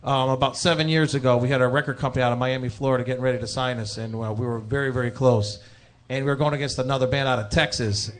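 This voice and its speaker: Brief: man, mid-pitch, fast chatty band guest, lots of ums. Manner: relaxed, chatty, filler-heavy. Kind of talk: casual interview storytelling.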